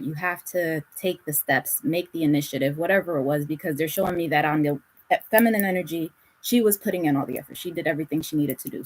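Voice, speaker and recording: A fairly low-voiced woman gives a casual spiritual tarot reading. She talks bluntly, swears freely and laughs often as she hands out advice. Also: husky, low-quality recording. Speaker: tarot reader.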